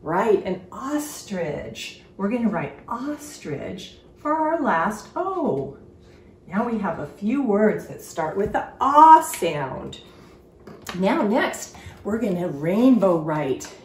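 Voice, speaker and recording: A woman leads a children's phonics lesson with an unhurried pace and a lively, sing-song pitch. She speaks clearly and encouragingly, drawing out each sound. Her voice carries some room echo, heard from a little way off the mic. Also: distant mic. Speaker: phonics teacher. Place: sitting on a stool in a room.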